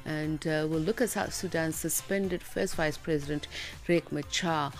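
A woman's voice: deep voice, steady tone, a little slow, soft background music. A woman co-hosting live morning radio, previewing the coming stories in a conversational way. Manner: warm, conversational, reads headlines with fillers. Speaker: radio morning show co-host. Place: radio studio.

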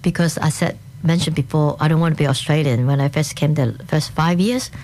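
A woman with a Hong Kong accent, a guest in a casual interview, talking in short animated bursts with frequent restarts. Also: deep voice, brisk, slight background noise.

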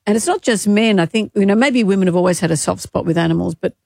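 An Australian woman in her sixties co-hosting breakfast radio, grieving and close to tears, talking in halting, emotional bursts with many restarts. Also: mid-range voice, creaky, a little mellow, dry recording. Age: 60s. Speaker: radio co-host. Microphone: studio microphone.

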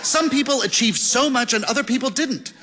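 A man narrating an audiobook with a lively, expressive delivery. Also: very high-pitched, brisk, a faint crowd. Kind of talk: scripted narration. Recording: long hall reverb.

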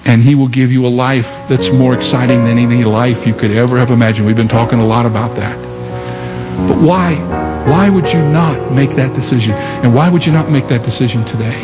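A male pastor delivering an impassioned sermon with long dramatic pauses and rising emphasis, recorded live. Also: mid-range voice, over loud music. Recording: live sermon in a reverberant hall with faint noise.

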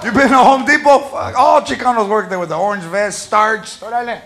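A man's voice: sits high, lively intonation, normal speed, creaky, long reverb tail. A man performing a brash, profane stand-up comedy routine. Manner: brash and profane, slips into voices. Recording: live club with crowd and noise.

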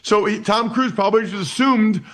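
A man in his forties from Pennsylvania, telling stories as a guest. His voice sits a bit high for a man. He is animated and keeps restarting his sentences with repeated words. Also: normal speed. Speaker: interview guest. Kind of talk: casual storytelling.

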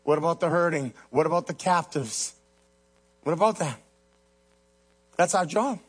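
A male pastor with a husky voice preaches to his congregation at a moderate pace, impassioned and full of rhetorical questions. He swings between soaring emphasis and low, earnest asides.

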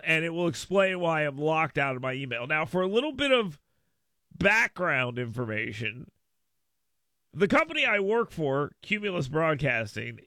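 A male radio talk show host with a high, bright voice, recorded dry and close in the studio. He rambles through a story, full of asides and sudden emphasis. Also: no echo. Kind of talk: casual radio monologue. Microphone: studio microphone.

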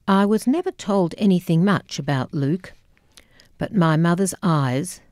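A woman reads her own memoir in a low, mellow register, slow and deliberate. Her delivery is wry and measured, with a dry, close recording and no room sound around her. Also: lively intonation, dry recording. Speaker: memoir narrator. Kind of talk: reading a memoir audiobook.

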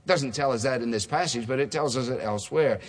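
Male preacher, conversational sermon, mid pitch, reverberant church hall. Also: a little fast. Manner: conversational, acts out dialogue voices.

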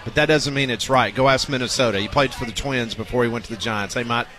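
A man's voice: medium pitch, quick pace, a bit bright. A man hosting a sports talk radio show, chatting casually and reading out baseball news.

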